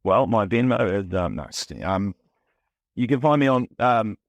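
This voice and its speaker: A man from New Zealand with a New Zealand accent, talking candidly and excitedly as a podcast guest, swearing freely and often restarting his sentences. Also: lowish voice, moderate pace, no room sound, lo-fi sound. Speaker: podcast guest, music producer. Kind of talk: casual chat.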